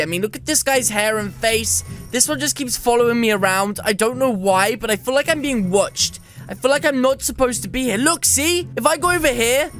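A man giving jokey, excitable gameplay commentary and teasing other players as he goes. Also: sits high. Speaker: gaming YouTuber.

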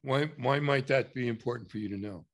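A man's voice: medium pitch, fairly quick. A man with an American accent coaching a client in a consultation, asking direct, probing questions and laughing easily. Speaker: structural consultant.

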